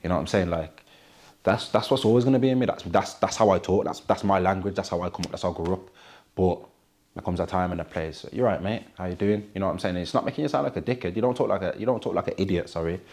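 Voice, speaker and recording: A man's voice: low voice, fast, darkish tone. A young man with a Wolverhampton accent, a rapper talking casually in an interview, full of street slang and "you get me" tags. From Wolverhampton, England.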